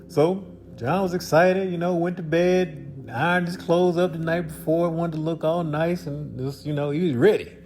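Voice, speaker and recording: A man's voice: on the high side, steady tone, moderate pace, few pauses, darkish tone, slight background noise. Man telling a casual parable. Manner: loose, conversational, many fillers and asides. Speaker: storyteller.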